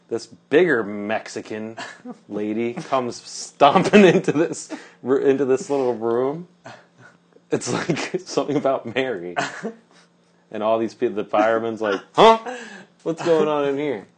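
A man's voice: medium pitch, a little slow. A man casually telling a rambling story on a podcast, with lots of fillers and laughs.

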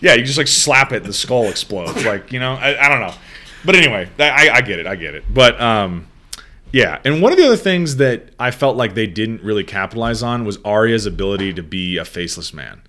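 Bright-voiced man, casual profane chat. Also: fairly low pitch, a little fast. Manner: profane, animated storytelling.

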